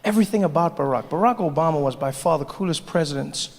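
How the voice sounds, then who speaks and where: Stand-up comic from South Africa, South African accent, mid-high voice, on a stage mic with long hall reverb. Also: male voice, vocal fry. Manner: storytelling with quick asides and mimicry. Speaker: stand-up comedian. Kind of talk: stand-up routine. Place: theater stage. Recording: reverberant live theater recording, faint noise.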